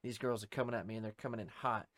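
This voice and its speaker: A man's voice: fairly low pitch, little pitch movement, very fast, a bit bright, no echo. A young man, a podcast co-host and former Army private, telling a story in a casual, profane, rambling way and laughing through it.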